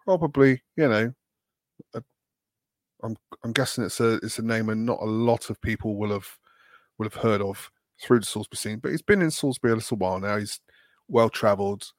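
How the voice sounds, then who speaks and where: A man's voice: lowish voice, no room sound, studio quality. A man from England co-hosting a casual podcast chat, rambling and self-deprecating with plenty of fillers. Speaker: podcast co-host.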